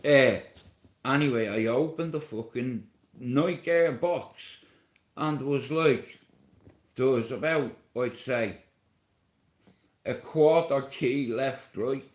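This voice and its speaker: A man's voice: mid-range voice, slow, pauses often. A Dublin man live-streaming, telling a rambling, profane story and checking in with his listeners as he goes. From Ireland. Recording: echoey room.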